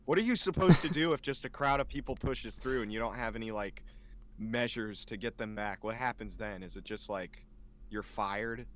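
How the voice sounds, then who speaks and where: A man co-hosting a casual podcast, cracking blunt, crude dark jokes in a deadpan way. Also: on the low side, normal speed. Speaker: podcast co-host.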